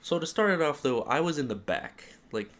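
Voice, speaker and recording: A man's voice: a little high, a little fast. A young man co-hosting a podcast, casually retelling work stories and acting out the quotes with lots of "like". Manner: animated retelling, heavy use of "like", acts out quotes. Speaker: podcast co-host. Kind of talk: casual storytelling.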